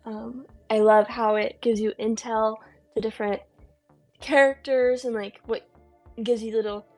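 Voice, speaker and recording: A woman's voice: fairly high pitch, flat delivery, measured pace, darkish tone, faint music behind. A woman co-hosting a casual film podcast, talking eagerly with lots of ums. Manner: enthusiastic, chatty, lots of ums. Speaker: podcast co-host.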